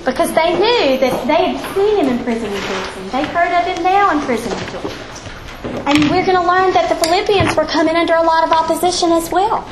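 High-voiced woman teaching a Bible study. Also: brisk. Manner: animated storytelling, acts out quoted voices. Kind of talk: Bible lesson and closing prayer. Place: church room. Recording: echoey room with faint background noise.

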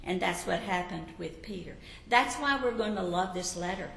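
Warmly telling Bible stories and asking her listeners questions, a woman teaches a sermon in an echoey, long-reverb hall. She has a lowish voice with vocal fry, animated and at a moderate pace.

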